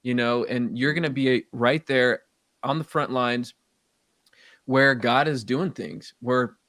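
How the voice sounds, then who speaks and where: A man's voice: mid-range voice, fairly even intonation, slow pace, a bit bright, no echo, clean studio sound. A man co-hosting a casual podcast chat, easygoing and rambling, laughing at himself. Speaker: podcast co-host.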